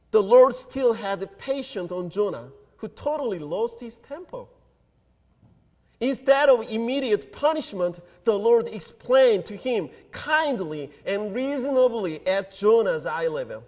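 A man preaching a sermon as pastor, earnest and deliberate, pausing between phrases. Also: sits high, very animated, darkish tone. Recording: long hall reverb.

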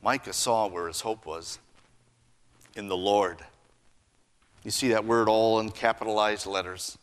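Guy preaching slow and earnest, gets loud then drops real quiet. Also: on the low side, steady tone, smooth. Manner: earnest preaching with dramatic swings between loud and hushed. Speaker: pastor. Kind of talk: sermon.

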